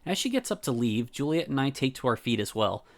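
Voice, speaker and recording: A man streaming, reading a visual novel aloud in a calm first-person narrator voice. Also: medium pitch, fairly quick.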